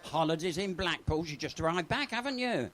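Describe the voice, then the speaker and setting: Bawdy drag comedian, very lively pitch. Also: male voice, fairly quick. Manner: bawdy, chatty, teases the audience. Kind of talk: live stand-up comedy. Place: pub stage with a live audience.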